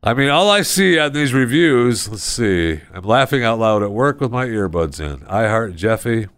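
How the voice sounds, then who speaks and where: A man's voice: medium pitch, big pitch swings, moderate pace, a bit bright, clean tone, no echo. A man hosting a podcast, bantering and reading listener reviews aloud in a wry, teasing way. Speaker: podcast host.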